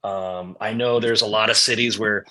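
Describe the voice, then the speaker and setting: A man's voice: fairly low pitch, steady tone, moderate pace, bright, forceful tone. A man, a former police officer, telling stories in a casual, rambling way with many fillers. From California. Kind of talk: storytelling in a podcast interview.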